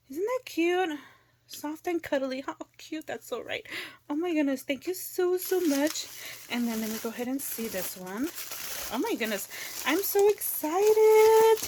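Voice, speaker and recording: A woman's voice: a little high, a little hiss or hum. A woman hosting a crafting channel, opening craft mail indoors and gushing over each item as she chats to viewers. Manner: gushing, exclaims often, talks to viewers. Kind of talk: casual unboxing chat.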